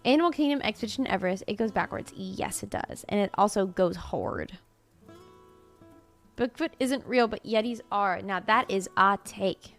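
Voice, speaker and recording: A woman's voice: medium pitch, normal speed, gravelly, faint music behind. A young woman from Florida chatting casually on a live stream, playful, laughing often and swearing freely.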